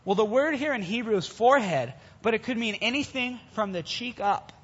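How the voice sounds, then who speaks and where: Husky high-voiced male preacher. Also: a little fast. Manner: casual, animated storytelling to young listeners. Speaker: youth preacher. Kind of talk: sermon retelling a Bible story. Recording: dull sound with long hall reverb.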